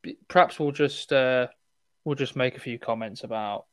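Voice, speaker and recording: A man's voice: medium pitch, moderate pace, smooth, no room sound, studio quality. A man hosting a casual podcast chat, rambling with lots of fillers and laughter. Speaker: podcast host.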